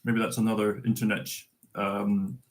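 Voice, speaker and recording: A man's voice: lowish voice, level tone, moderate pace. A young man hosting a live stream, reading a Scots poem aloud with stumbles and laughs, then chatting casually with viewers. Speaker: host.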